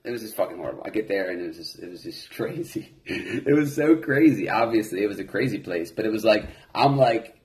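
A man's voice: lowish voice, expressive, a little fast, few pauses, a little mellow, poor audio. Swearing, laughing young man telling stories. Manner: profane, laughing storyteller who acts out other people's lines. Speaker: podcast co-host. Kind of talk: casual chat.

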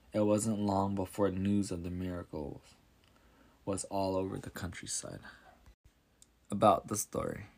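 A man reading a storybook narration in a calm, measured way. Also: low-pitched, creaky.

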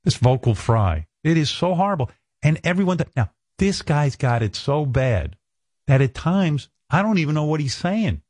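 A man's voice: on the high side, big pitch swings, normal speed, a little mellow, no echo, studio quality. An older man hosting a talk show, bantering crudely and mocking people with impressions. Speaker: radio show host.

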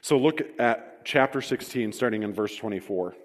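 A man's voice: on the low side, lively intonation, normal speed, big-room sound. A man preaching a sermon, telling the scripture story vividly with wry self-deprecating humor and reading verses aloud. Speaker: pastor.

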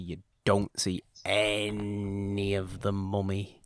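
Deep-voiced rambling male podcast host. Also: flat delivery, slow, no echo, studio quality. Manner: enthusiastic, rambling, repeats words. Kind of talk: casual podcast chat.

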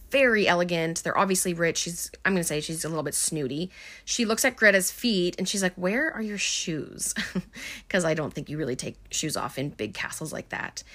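A woman's voice: lowish voice, bright, forceful tone. Chatty woman recapping a film. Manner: chatty, many ums and likes, wry asides. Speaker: movie recapper. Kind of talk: casual spoken film recap.

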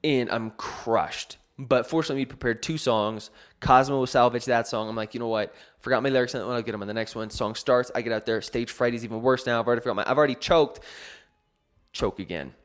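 A man's voice: mid-range voice, fast talker. A young adult man hosting a solo podcast, talking casually with a rambling, self-deprecating storytelling manner and lots of fillers. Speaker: podcast host.

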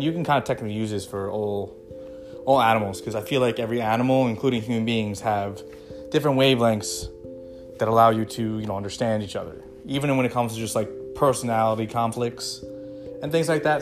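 A man in his late twenties, talking casually to camera in a rambling, conversational way, full of fillers and restarts. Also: mid-range voice. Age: 20s. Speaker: vlogger.

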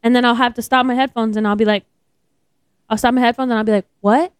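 A young woman co-hosting a podcast, telling gym stories in animated casual chat, laughing and swearing often. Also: on the high side, fast talker, smooth, no room sound, clean studio sound. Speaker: podcast co-host.

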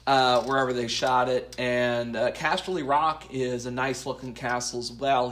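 A man co-hosting a podcast, recapping an episode from his notes in a halting way with many fillers. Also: fairly high pitch, fairly bright tone. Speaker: podcast co-host.

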